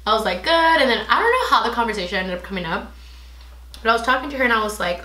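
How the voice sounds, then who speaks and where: A young woman vlogger telling a personal story in casual chat, animated and swearing freely as she acts out what people said. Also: on the high side, rapid-fire, roomy sound.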